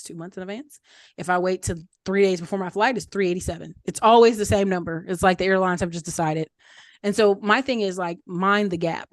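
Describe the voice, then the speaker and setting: A woman's voice: fairly low pitch, no echo. A woman giving candid, chatty money and property advice, acting out the voices of people she quotes. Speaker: guest speaker answering questions. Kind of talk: casual advice talk.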